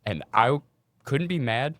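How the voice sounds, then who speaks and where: A young man co-hosting a podcast, telling work stories in a casual, animated way and swearing freely. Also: medium pitch, takes it slowly, no echo. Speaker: podcast co-host. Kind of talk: casual storytelling chat.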